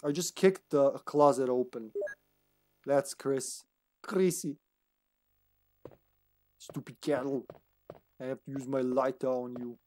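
A man's voice: medium pitch, steady tone, takes it slowly, long pauses, dark tone. A man streaming a video game live, chatting casually, giggling often and talking to the game and his cat. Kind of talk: casual gaming commentary.

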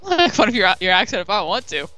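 A woman's voice: mid-range voice, very animated, quick pace, pushed and bright, low-quality recording. A laid-back young woman with a Wyoming accent, chatting and giggling with a friend while they play a game together. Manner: laid-back, giggly, sing-song exclamations. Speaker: friend on the call. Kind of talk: casual gaming chat over a voice call.

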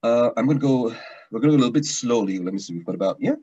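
A man's voice: medium pitch, lively intonation, very fast, dark tone, breathy edge. A man teaching an online language taster class, chatty, repeating words and restarting often, over a video call. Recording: dull lo-fi online stream audio.

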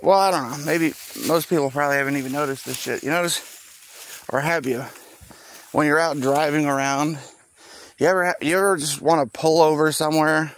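A man's voice: a little high, fairly even intonation, a little fast, fairly bright tone, a little hiss or hum. A man rambling outdoors in a park, profane and meandering, trailing off with a rueful tone.

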